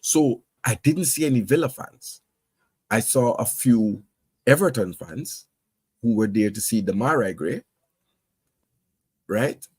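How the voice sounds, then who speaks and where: A man's voice: mid-range voice, expressive, slow, long pauses, darkish tone, slightly rough, dry recording. A man talking football in a casual chat, often stammering as he builds a point. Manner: stammering, conversational. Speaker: podcast co-host.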